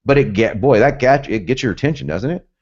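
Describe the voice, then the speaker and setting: Here a man speaks a little fast at medium pitch, his intonation lively and his tone darkish, though the audio is dull. He's an American from both North and South, so his Southern accent shows a few Northern traces. It's an energetic copywriting lesson, delivered emphatically and packed with repetition and side remarks.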